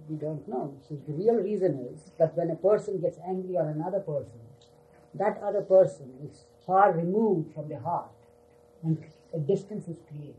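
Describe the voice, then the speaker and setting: Older male storyteller, mellow and dark tone, relaxed reminiscing talk. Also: a little high, rough recording. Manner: unhurried, repeats "you see" often. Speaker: storyteller recalling his teacher.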